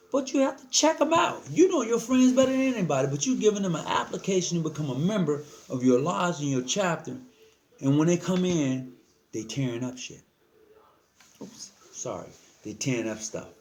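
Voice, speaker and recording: A man's voice: mid-range voice, a little mellow. Earnest man giving frank advice. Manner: earnest, repeats himself, drops into slang. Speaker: lodge member giving advice. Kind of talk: casual talk to camera.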